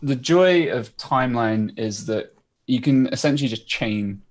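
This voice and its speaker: A man's voice: medium pitch, expressive, a little slow. A man appearing as a guest developer, explaining his coding demos in a casual, rambling way. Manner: rambling, many fillers and restarts.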